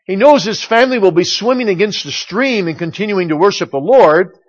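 Middle-aged male pastor, high voice, emphatic sermon delivery, dull lo-fi recording. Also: lively intonation. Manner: emphatic preaching, slowing down for scripture quotes.

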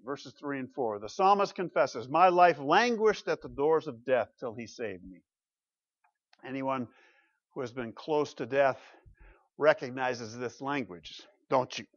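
A man's voice: medium pitch, moderate pace. A man preaching a sermon as pastor, emphatic and conversational, with frequent asides to the congregation. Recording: muffled lo-fi recording.

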